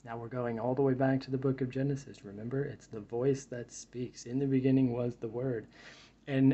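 A man's voice: mid-range voice, warm tone, slightly rough, highs cut off. A man giving a reflective Bible study talk, reading verses aloud and then musing on them in a thoughtful way. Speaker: Bible teacher.

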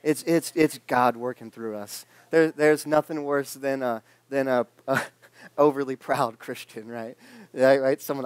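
A man's voice: medium pitch, steady tone, a little slow, clear, resonant tone, no echo. A man in his twenties giving a casual, joking sermon to a church congregation, chatting along and acting out the voices in his stories. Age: 20s. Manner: joking, conversational, acts out quoted voices. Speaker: pastor. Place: church sanctuary.

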